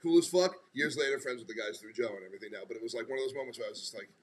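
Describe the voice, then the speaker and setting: Fast-talking man telling a story. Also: mid-range voice, a little hiss or hum. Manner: rapid, excited, profane storyteller. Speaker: podcast co-host. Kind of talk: casual storytelling chat.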